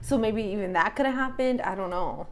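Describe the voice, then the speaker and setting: A woman's voice: mid-range voice, fairly quick, a little hiss or hum. A young adult woman co-hosting a casual chat podcast, telling stories while often breaking into laughter.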